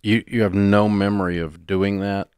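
A man's voice: fairly low pitch, flat delivery, normal speed, clean tone, no room sound. An older man hosting a call-in advice show, speaking in a blunt, folksy, plain-spoken way. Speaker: radio show host. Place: radio studio.

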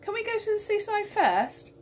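A woman voicing a moody, whining schoolgirl in a storybook reading, with a breathy voice. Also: sing-song, normal speed, a little hiss or hum. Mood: whiny.

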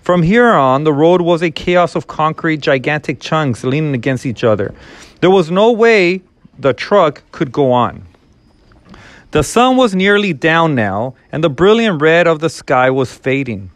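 A man reading a novel aloud in a steady, measured storytelling manner. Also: on the high side, no room sound. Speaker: reader.

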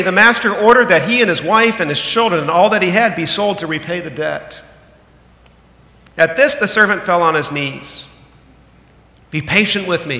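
In an echoey church sanctuary with long reverb, a man in his thirties delivers a sermon with animated energy. He alternates loud emphatic bursts with low, slow asides, dropping down for the key points.

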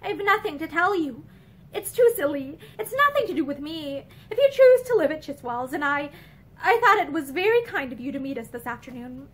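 A flustered young wife, evasive and stammering, read by a woman. Her voice runs high with wide swings in pitch. It has the feel of an old-fashioned storybook read aloud. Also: very animated, fairly quick. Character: anxious young married woman, nervous and evasive.

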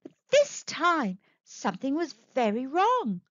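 A woman reading a children's picture book aloud in a lively, sing-song storybook manner. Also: sits high, slow pace, no room sound, muffled recording. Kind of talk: children's read-aloud narration.

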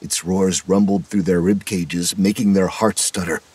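A man narrating a horror story in a measured, dramatic manner. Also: low-pitched, steady tone, darkish tone, husky, no echo.

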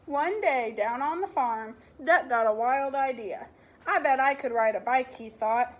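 A kindergarten teacher, a woman, reading a picture book aloud to young children, with expressive storytelling and animal sounds. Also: high voice, unhurried.

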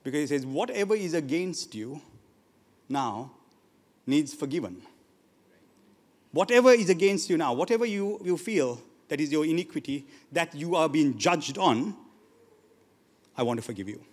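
A man preaching a sermon as pastor, animated, moving from loud exhortation to quiet asides. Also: a little high, normal speed. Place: church hall. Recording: long church reverb.

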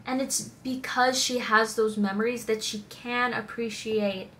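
A woman chatting casually as a co-host with a higher, very bright voice. She gushes with enthusiasm, agreeing and cheering along as she talks. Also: steady tone, measured pace, a little hiss or hum. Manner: enthusiastic, gushing. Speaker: reaction channel co-host. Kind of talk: casual chat.

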